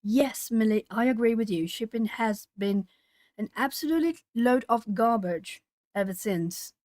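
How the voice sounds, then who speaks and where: Woman, live-stream host, casual chat with viewers, fairly high voice, dry close sound. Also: measured pace, dry recording. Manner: chatty, talking to chat while colouring; animated when retelling stories. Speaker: YouTube art channel host.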